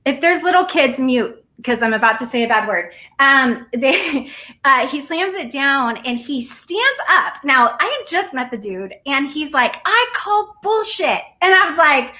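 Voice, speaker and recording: Woman, 40s, bright higher voice, earnest animated storyteller, casual chat. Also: unhurried. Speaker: guest. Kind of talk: casual conversation.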